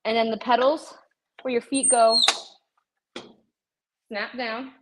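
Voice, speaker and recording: A fairly high-voiced woman runs a live shopping stream while working out in her home gym. She is winded and huffing between phrases, yet keeps chatting casually to her viewers. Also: little pitch movement, slow, very noisy. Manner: chatty, talks straight to viewers as "guys". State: out of breath from cardio. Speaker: livestream host showing fitness products.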